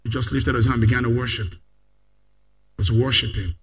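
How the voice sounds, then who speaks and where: Husky, bright-voiced man preaching a sermon. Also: mid-range voice, fairly even intonation, moderate pace. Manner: call-and-response preaching, rising to shouts.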